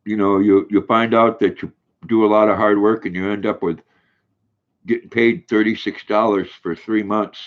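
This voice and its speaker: Rich: An older man with a low voice chats his way through a home live stream, rambling from one story to the next and laughing easily. The sound is dull and lo-fi. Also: level tone, normal speed. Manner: rambling, reads viewer comments aloud, chuckles often. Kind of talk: casual live stream chat.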